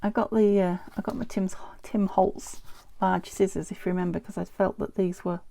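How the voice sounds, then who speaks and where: A woman's voice: medium pitch, steady tone, moderate pace, vocal fry, mellow, a little hiss or hum. A British woman from the UK chatting casually while making a craft project, often dropping into a half-whispered mutter to herself. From United Kingdom. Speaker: junk journal crafter. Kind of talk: casual craft vlog chat.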